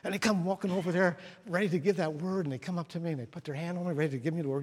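A man preaching a sermon at a church service, telling stories and dropping to hushed tones for emphasis. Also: a little high, steady tone, rapid-fire, few pauses, husky. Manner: storytelling, drops to hushed tones. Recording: long hall reverb.

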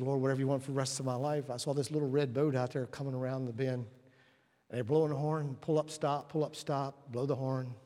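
A man preaching a sermon, telling stories and acting out the voices in them, moving from hushed whispers to loud, emphatic lines. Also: medium pitch. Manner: storytelling, acts out quoted voices. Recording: long reverb of a large hall.

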